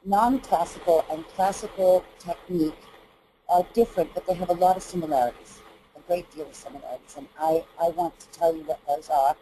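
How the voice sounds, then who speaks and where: A woman's voice: fairly low pitch, fairly quick, warm tone, a little hiss or hum, low-quality recording. A middle-aged woman from Texas, a vocal coach, explaining singing technique in earnest, hesitant speech with frequent fillers. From Texas, USA. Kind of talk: explanatory interview talk.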